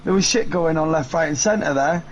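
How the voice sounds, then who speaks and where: Man, co-commentator, high voice, blunt and sweary, casual banter, faint hum behind. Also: moderate pace, dull audio. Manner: blunt, swears freely, laughs a lot.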